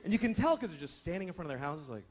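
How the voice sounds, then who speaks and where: A man in his thirties doing a profane stand-up routine, exasperated, slipping into quick character voices. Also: a little high, big pitch swings. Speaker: stand-up comedian. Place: comedy club stage with laughing audience. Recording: live club recording with audience noise. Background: audience laughter.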